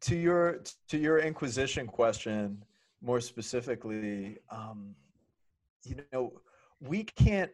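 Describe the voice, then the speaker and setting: A man, a priest co-hosting a podcast, talking in an effusive, emotional way. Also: mid-range voice. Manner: effusive and emotional, excited exclamations. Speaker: priest co-host. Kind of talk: casual podcast chat.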